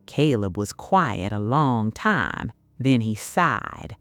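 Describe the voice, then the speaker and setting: A woman's voice: rumbling low, big pitch swings, takes it slowly, no echo, faint music behind. A middle-aged woman with a Southern US accent, telling a first-person story in a folksy way. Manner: folksy, addresses listener as honey. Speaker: narrator.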